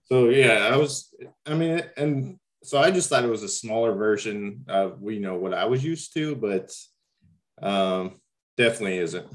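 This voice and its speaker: A man's voice: fairly low pitch, animated, moderate pace. A young man from Missouri, a new varsity coach, talking hesitantly with many ums and restarts. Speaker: guest basketball coach. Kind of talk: casual interview talk.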